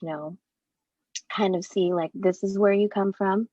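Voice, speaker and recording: A woman's voice: mid-range voice, fairly even intonation, measured pace, mellow, highs cut off. A woman guest, a therapist, speaking reflectively in casual chat with many fillers.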